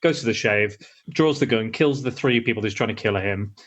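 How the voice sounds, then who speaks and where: A man's voice: lowish voice, normal speed, fairly bright tone, dull audio. A man hosting a casual podcast, recapping a film plot with stammered starts. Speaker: podcast host.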